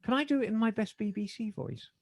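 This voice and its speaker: A man's voice: high-pitched, quick pace, darkish tone, dry recording. A man co-hosting a motorcycle podcast in casual, joking chat, sometimes reading a sponsor ad. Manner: joking, slips into a put-on posh voice. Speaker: podcast co-host.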